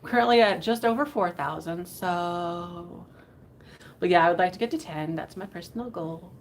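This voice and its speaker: Speaking at a normal speed in a lowish voice, a woman hosts a live online vintage sale full of casual, giggly, rambling chatter. There's a faint hiss of background noise.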